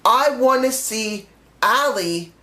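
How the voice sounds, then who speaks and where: A man's voice: extremely high pitch, animated, takes it slowly, bright, forceful tone. A man reviewing a wrestling show in a casual vlog, talking emphatically, ranting at times and swearing freely. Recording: echoey room.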